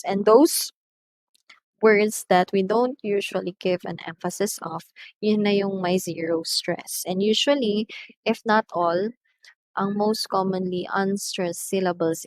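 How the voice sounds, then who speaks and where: A woman with a Filipino accent talks through a lesson in a steady, explaining way and drops Tagalog asides between her English. Her voice sits at an ordinary middle pitch. It is recorded close and dry, with no room sound. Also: dry recording, rough recording. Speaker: English teacher.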